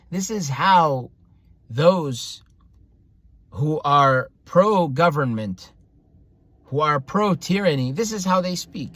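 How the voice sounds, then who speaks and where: Reading a history book aloud, an Eritrean man comments on it earnestly, often hunting for words and repeating himself. His voice is fairly high-pitched, with no room sound.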